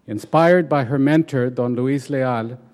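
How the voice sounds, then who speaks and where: A man's voice: medium pitch, unhurried, darkish tone. A man moderating an academic panel, formally introducing the next speaker from a prepared biography.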